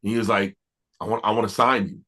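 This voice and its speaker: Bright-voiced man telling stories. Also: fairly low pitch, quick pace. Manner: animated, laughing storyteller with many restarts. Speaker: R&B producer, interview guest. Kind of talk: storytelling in a casual interview.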